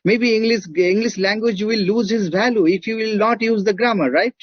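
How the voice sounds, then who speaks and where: A lecturer with an Indian accent speaks at a moderate pace in a fairly high, husky voice. He's emphatic, circles back to his points, and checks in with the class. The recording sounds dull and dry, with no room sound.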